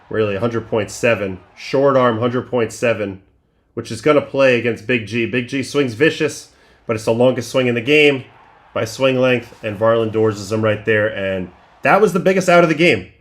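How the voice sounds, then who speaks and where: Man breaking down baseball pitches casually. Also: moderate pace. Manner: conversational, thinks aloud, many restarts and fillers. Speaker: livestream host breaking down game film.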